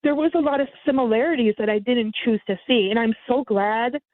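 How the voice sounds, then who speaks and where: A woman telling the story of a scam in casual chat, animating it by mimicking others in a raised voice. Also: fairly quick. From United States. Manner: lively, mimics others with sudden high pitch jumps. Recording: tinny phone line, dry.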